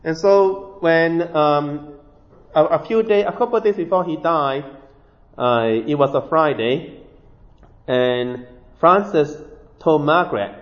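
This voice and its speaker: A man telling a saint's life story in a sermon, halting often with fillers and restarts. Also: fairly high pitch. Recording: dull lo-fi recording.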